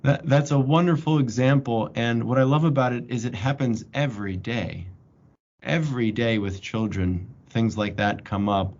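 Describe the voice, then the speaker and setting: A man's voice: mid-range voice, normal speed, darkish tone, lo-fi sound. A man, a psychiatrist hosting an interview, who responds with affirming comments.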